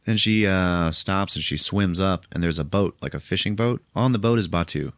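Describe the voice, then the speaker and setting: A man's voice: low-pitched, normal speed, no room sound, clean studio sound. A man hosting a podcast, casually recapping a movie in a loose, profane way. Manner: loose, profane, retelling with quoted voices. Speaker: podcast host.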